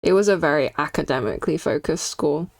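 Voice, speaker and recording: A woman's voice: low-pitched, animated, a little fast, no echo. A young woman streaming while she draws, chatting candidly and reacting to her chat. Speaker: streaming artist.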